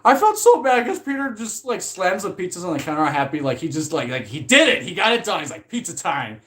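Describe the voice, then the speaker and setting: A man talking casually about movies he loves, rambling and animated, laughing often and swearing freely. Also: high-pitched, fast talker. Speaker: movie commentary vlogger. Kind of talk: casual chat.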